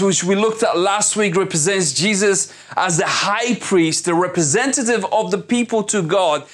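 A man with a high voice for his sex, preaching a sermon as a pastor. He prays in measured phrases and drives his points home with emphatic repetition. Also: a bit bright. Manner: prayerful, then building into impassioned preaching.

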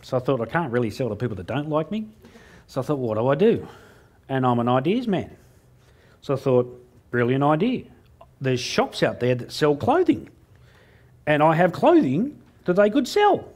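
Lively Australian man telling cheeky stories. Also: a little high, moderate pace, pauses often. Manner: cheeky storytelling, acting out dialogue with a jokey punchline rhythm. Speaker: motivational speaker. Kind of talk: keynote speech to a live audience.

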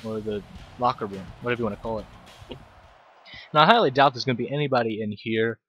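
A man's voice: mid-range voice, fast talker, fairly bright tone, lo-fi sound, soft background music. A young man giving casual, rambling video game commentary, mocking himself and swearing easily. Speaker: let's play commentator.

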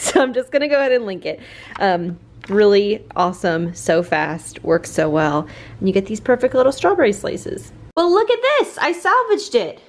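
A woman's voice: mid-range voice, a little hiss or hum. A woman, a mother, chatting casually to the camera in her home kitchen, bubbly and laughing often, with rambling asides. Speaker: family vlogger and mother. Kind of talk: casual vlog chat to camera.

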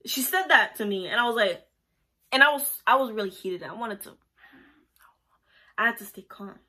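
A woman's voice: on the high side, lively intonation, moderate pace, sharp tone. A young woman talking casually about her job as a pharmacy technician, chatty and rambling with lots of fillers. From Puerto Rico. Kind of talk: casual vlog storytelling.

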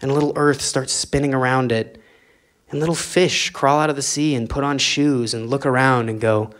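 A man's voice: on the high side, moderate pace, a crowd in the background. A man doing a stand-up comedy set, rambling through absurd ideas and chuckling at his own jokes.

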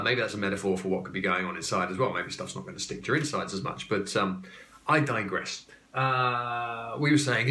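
English male host, chatty and digressive, bright forceful tone, lowish register. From England. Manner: chatty, joking asides and digressions. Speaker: podcast host. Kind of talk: casual explainer talk. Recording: echoey room.

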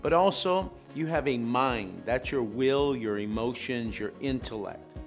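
A man preaching a calm, explanatory sermon. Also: medium pitch, unhurried, creaky, soft background music.

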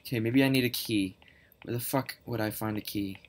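A young woman playing a horror game, panicky and swearing a lot, swinging from low mutters to high shrieks. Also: a little fast, very noisy. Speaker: gaming channel host. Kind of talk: horror game let's play commentary.

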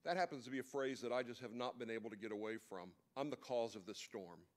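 A man's voice: mid-range voice, fast. A man giving a sermon at a men's breakfast, retelling a story in an easy conversational way with occasional asides.

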